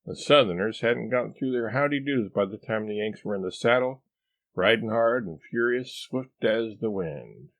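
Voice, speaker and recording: A man voicing a pompous, eccentric husband who lectures in a drawn-out, know-it-all way in a storybook reading. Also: fairly low pitch, lively intonation, no room sound, voice pushed up. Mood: lecturing.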